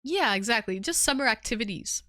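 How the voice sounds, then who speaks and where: A woman's voice: fairly high pitch, expressive, brisk, bright, forceful tone, no room sound. A woman hosting a live call-in stream, chatting casually and teasing her callers in an upbeat way.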